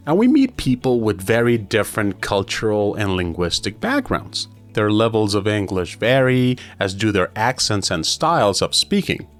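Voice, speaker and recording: A man hosting an English lesson podcast, energetic and chatty, often checking in with "right?" and slowing down to demonstrate. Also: fairly low pitch. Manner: energetic and enthusiastic, slows down to demonstrate; chatty, frequent "right?" and "hey". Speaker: English teacher.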